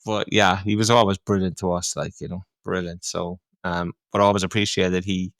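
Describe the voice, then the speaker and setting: A man with a Cork Irish accent hosts a podcast and chats casually, telling a rambling story packed with "like" and "you know". His voice is gravelly, of middling pitch, and dry, with no room sound. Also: flat delivery, normal speed, a bit bright, no room sound. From Ireland. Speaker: podcast host.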